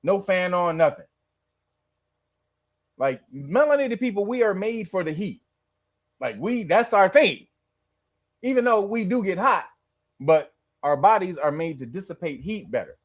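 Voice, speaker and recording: Sarcastic male commentary host, high and animated, casual laughing delivery. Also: measured pace, long pauses. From Los Angeles. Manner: laughing, sarcastic, loose and joking.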